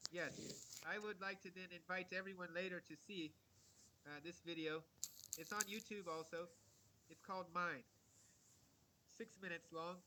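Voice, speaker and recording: A man giving an online art lecture over a video call, halting with many fillers and restarts. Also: sits high, steady tone, noisy background. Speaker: guest lecturer on African art.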